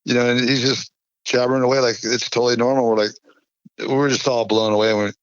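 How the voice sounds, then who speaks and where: A man's voice: medium pitch, level tone, fast talker, clear, resonant tone, dry recording. A man from California, a podcast guest, telling a long anecdote in a rambling, filler-heavy way. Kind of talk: casual storytelling chat. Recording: dull lo-fi dry podcast audio.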